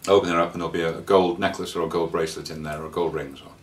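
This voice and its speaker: A man telling a casual travel anecdote, rambling and halting with fillers and restarts. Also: low voice, steady tone, recorded from a distance. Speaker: traveller sharing scam warnings.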